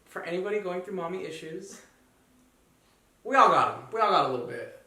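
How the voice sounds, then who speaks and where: A young man, a podcast guest, chatting casually in a loud, animated way. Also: high-pitched, a little fast, reverberant, far from the mic. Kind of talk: casual chat.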